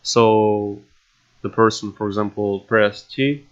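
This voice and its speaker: Low-voiced man explaining code, halting. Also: fairly even intonation. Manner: halting, with many fillers and restarts. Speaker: coding tutorial host. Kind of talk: casual screen-recorded coding tutorial. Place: at a computer indoors. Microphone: desktop microphone. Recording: dull lo-fi desk mic.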